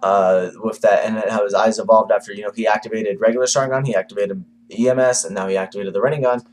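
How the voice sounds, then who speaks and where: A man's voice: fairly low pitch, fairly even intonation, fast, darkish tone. A man giving a casual manga review to camera, rambling with lots of fillers and the odd swear.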